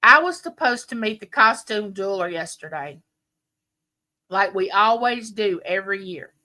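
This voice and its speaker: A woman's voice: medium pitch, expressive, moderate pace. A woman, chatting and telling stories to viewers on a live stream from home. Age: late 50s. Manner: chatty, warm, rambling storytelling with viewers. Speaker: livestream host. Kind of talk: casual live-stream chat.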